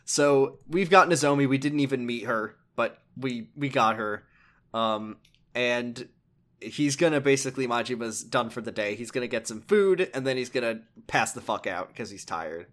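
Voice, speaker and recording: A man's voice: medium pitch, expressive, normal speed, a bit bright. A young man casually recapping a video game, rambling and joking with frequent restarts. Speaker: game commentator.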